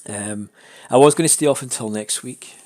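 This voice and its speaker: A man chatting casually on a live stream, his throat a little raspy and his nose congested, rambling with many fillers and restarts. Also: medium pitch, moderate pace, a little mellow, no echo.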